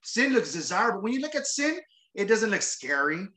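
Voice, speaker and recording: A man's voice: high voice, big pitch swings, a little fast, bright, forceful tone. A man preaching a sermon after reading scripture aloud, talking conversationally, repeating words and often adding tag questions. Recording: roomy echo.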